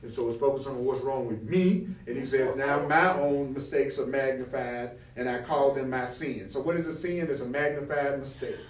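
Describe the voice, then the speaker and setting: A man's voice: medium pitch, normal speed, hardly any pauses. Man teaching, echoing from a distance. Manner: reads passages then explains them with rhetorical questions; animated, acts out example dialogue. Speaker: spiritual teacher. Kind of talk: teaching from a spiritual text. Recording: roomy, from the mic.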